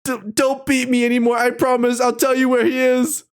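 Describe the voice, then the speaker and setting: A man's voice: extremely high pitch, monotone, brisk, clear, resonant tone, pitched above the performer's own voice. A man voicing a beaten, terrified young woman captive, reading her pleas aloud. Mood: pleading. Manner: pleading, read aloud.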